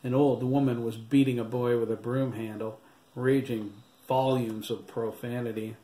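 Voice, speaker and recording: A man reading his own novel aloud as an audiobook, in a steady, dramatic storytelling manner. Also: medium pitch, moderate pace. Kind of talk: audiobook narration. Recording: roomy echo, faint background hiss.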